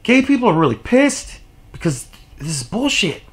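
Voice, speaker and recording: A man's voice: sits high, big pitch swings, moderate pace, a little hiss or hum. A man delivering an exasperated, profane opinion rant on his vlog, with sarcastic asides. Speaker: vlogger.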